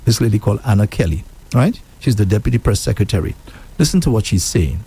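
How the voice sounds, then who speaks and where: A Caribbean man hosting a political talk show, animated and prone to repeating himself and mimicking the people he quotes. His voice sits low and mellow with a husky edge. A faint hum of noise runs underneath. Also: fast. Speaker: radio show host.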